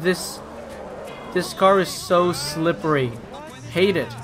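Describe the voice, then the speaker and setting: A young man hosting casual gameplay commentary, excitable and swearing, ranting at the characters on screen. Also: on the high side, slow pace, faint music behind. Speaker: gaming video host.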